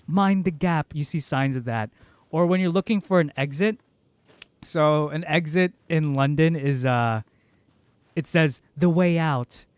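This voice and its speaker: A man's voice: on the high side, clean tone, dry recording. A young American man rambling chattily through a casual livestream, laughing often. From United States. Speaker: streamer.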